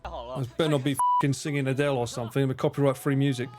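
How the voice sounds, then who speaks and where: A man streaming a game live, joking, swearing and reacting loudly as he plays. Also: mid-range voice, fairly even intonation, fast talker. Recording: game music playing behind.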